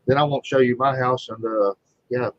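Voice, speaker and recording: A man's voice: medium pitch, steady tone, normal speed. Profane rambling man on a lo-fi stream. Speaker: livestream host. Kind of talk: casual chat.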